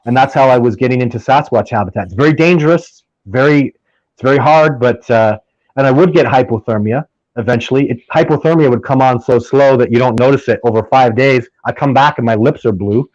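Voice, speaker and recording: A man in relaxed interview chat, pushing his points hard and tripping over restarts as he goes. The sound is dull and lo-fi, with no room at all around the voice. His pitch sits in the middle range for a man. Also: fairly quick, no echo. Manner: animated, emphatic storytelling with many restarts. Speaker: podcast guest, field researcher.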